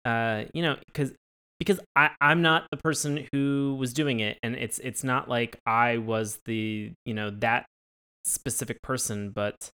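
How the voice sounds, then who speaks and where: A man co-hosting a podcast, reviewing a show in casual, animated chat and swearing freely. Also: a little slow, clear, resonant tone. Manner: profane, animated, jumps high when mimicking reactions. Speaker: podcast co-host.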